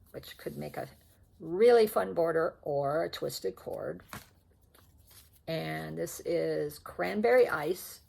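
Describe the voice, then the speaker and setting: Older woman with a deep gravelly voice. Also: a little mellow. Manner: rambling, self-correcting, chatty. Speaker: stitching vlogger. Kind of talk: casual show-and-tell chat. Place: at home indoors.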